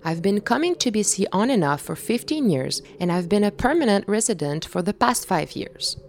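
A woman in her thirties from Quebec, a native French speaker with a Québécois French accent, narrating a documentary in a measured, thoughtful way. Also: mid-range voice, big pitch swings. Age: 30s. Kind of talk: reflective scripted narration.

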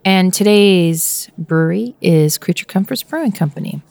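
A woman's voice: fairly low pitch, moderate pace, darkish tone, no room sound. A woman hosting a casual beer podcast, upbeat and guiding the conversation. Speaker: podcast host.

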